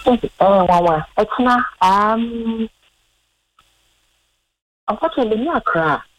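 A woman's voice: on the high side, takes it slowly, slight background noise, poor audio. A woman with a Ghanaian accent calling in to a radio show, answering politely and briefly. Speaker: caller. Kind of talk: phone-in chat, English and Twi mix.

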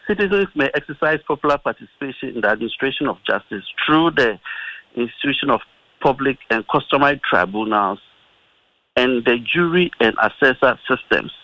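A man with a Ghanaian accent, a lawyer on a radio talk show, explaining deliberately with hesitations and mixing Twi into English. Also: mid-range voice, gravelly, bright, forceful tone, no echo, poor audio. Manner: deliberate, reads constitutional clauses, mixes Twi and English, many hesitations.

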